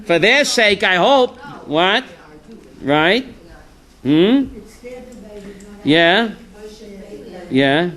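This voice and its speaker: A man teaching an informal religious class as a rabbi. He tells jokes and stories and keeps asking his listeners "right?", sometimes shouting a punchline. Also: high voice, very animated, extremely slow, pauses often.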